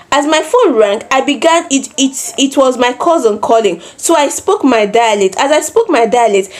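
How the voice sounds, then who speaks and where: A Nigerian woman in her twenties telling a personal story in a vlog, animated, with repeated phrases and acted-out quotes. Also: high voice. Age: 20s. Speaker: vlogger.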